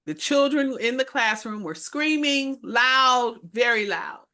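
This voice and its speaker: A middle-aged woman telling stories with a bright, forceful tone. She co-hosts a casual chat and acts out the people in her stories with lively character voices. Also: sits high, takes it slowly, few pauses. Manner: animated storyteller who acts out voices. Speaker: co-host and minister.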